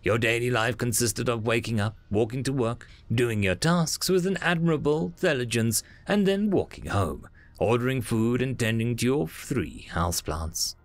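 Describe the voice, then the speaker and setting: A man voicing a polite, apologetic administrator of the afterlife, speaking gently and courteously with small hesitations. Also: medium pitch, normal speed, dry recording, faint music behind, close to an everyday voice.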